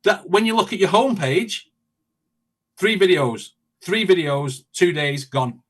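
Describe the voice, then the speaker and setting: A man's voice: high voice, unhurried, husky. A man chatting as an interview guest, telling stories animatedly with quoted asides. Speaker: guest, reaction video creator. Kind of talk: casual interview chat.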